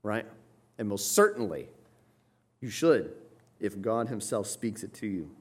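A man preaching an expository sermon, explaining as he goes and often checking in with "right?", his voice building to loud, emphatic passages. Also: on the low side, sing-song, unhurried, husky.

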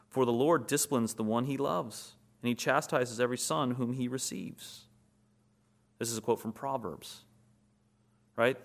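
A man's voice: medium pitch, fairly bright tone. A man preaching a sermon, asking rhetorical questions and building to emphatic peaks. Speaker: pastor.

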